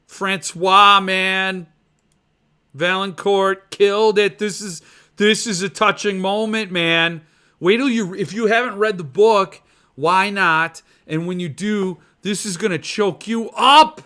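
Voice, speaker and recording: A man hosting a casual livestream, rambling and gushing excitedly while chatting with viewers. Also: high voice, unhurried, smooth. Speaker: podcast host. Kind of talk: casual livestream chat about book collecting.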